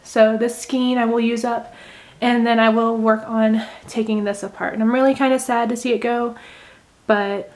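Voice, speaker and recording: Woman, young adult, slightly high-pitched, rambling, gentle, casual how-to craft chat. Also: little pitch movement, normal speed. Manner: rambling, gentle, thinks aloud with many fillers. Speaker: crochet vlogger. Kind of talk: casual how-to chat while unraveling knitting.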